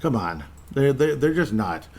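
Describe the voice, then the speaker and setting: A man's voice: mid-range voice, big pitch swings, measured pace, darkish tone. A man hosting a casual solo sports talk show, rambling and joking, correcting himself with short laughs. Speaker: sports podcast host.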